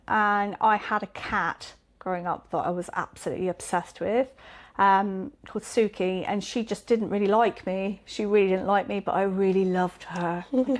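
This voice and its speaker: Woman, casual chat, animated storytelling, candid and lively. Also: mid-range voice. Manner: animated storyteller, acts out quoted voices.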